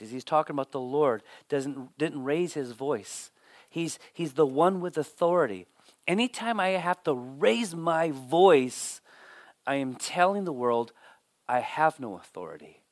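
A man's voice: fairly high pitch, dry recording. Man preaching a sermon, close and dry. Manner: animated storytelling, drops to near whisper for emphasis; repeats words when starting sentences. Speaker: pastor.

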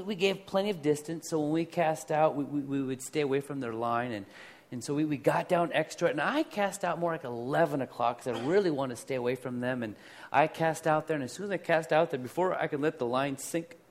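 A pastor telling personal stories in a conversational sermon, swinging between loud bursts and quiet asides. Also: male voice, on the high side.

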